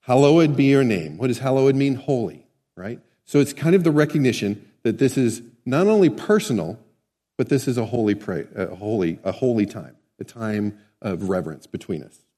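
Here a male pastor delivers a sermon as if talking with the congregation, asking them questions again and again. The voice sits in the middle range, dark in tone and animated, moving at normal speed, all inside a long, hall-like reverb.

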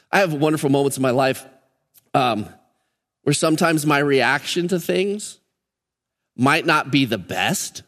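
A man's voice: a little high, lively intonation, unhurried, pauses often, fairly bright tone. A man preaching a Sunday sermon as pastor, earnest and emphatic, hammering key words in threes. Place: church sanctuary during a service. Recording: long reverb of a church hall.

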